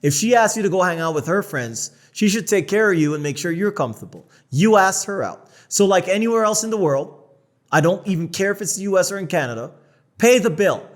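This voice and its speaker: A man's voice: high voice, fairly quick. Blunt, profane North American man. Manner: blunt, profane, animated storytelling. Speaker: podcast co-host. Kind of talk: casual podcast chat.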